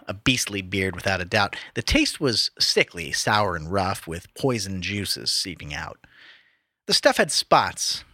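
A man's voice: lowish voice, bright, forceful tone, no echo, studio quality. A man casually reading poetry aloud to friends, stumbling and restarting over words now and then. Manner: reads verse with stumbles, restarts and laughs.

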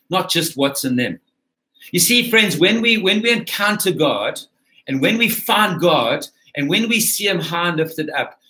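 A man's voice: high voice, bright, forceful tone. A man preaching a sermon in an earnest, repetitive way, calling his listeners friends. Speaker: pastor.

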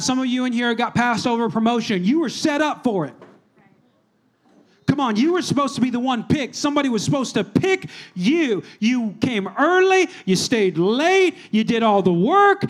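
A male pastor giving a casual, conversational sermon in a church, moving between hushed prayer and animated storytelling. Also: very high-pitched.

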